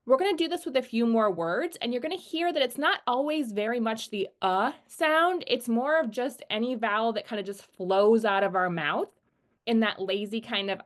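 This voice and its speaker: A woman teaching a phonics lesson, explaining patiently and slowly acting out sounds. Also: fairly high pitch.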